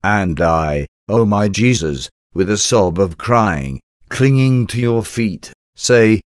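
Man, devotional prayer reading, solemn and intimate, lowish voice, very slow. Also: expressive, no room sound, clean studio sound. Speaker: devotional reader.

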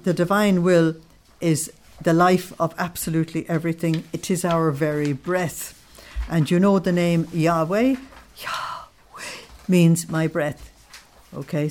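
A woman leads a devotional study, walking listeners through religious readings with a somewhat low voice. She explains each passage and pauses to check that everyone is following. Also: a little mellow, slight background noise. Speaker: religious teacher.

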